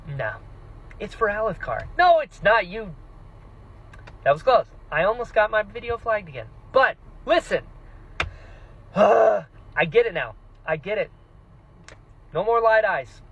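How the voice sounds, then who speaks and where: Excitable man reacting to a book. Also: high-pitched, dull audio. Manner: excitable, animated, mock-voicing characters. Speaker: book vlogger. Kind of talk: casual reaction vlog.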